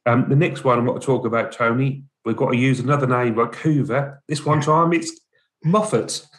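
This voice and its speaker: An English man co-hosting a podcast in casual chat. His voice sits at a middle pitch, and he talks in short, plain, down-to-earth remarks. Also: steady tone, moderate pace. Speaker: podcast co-host.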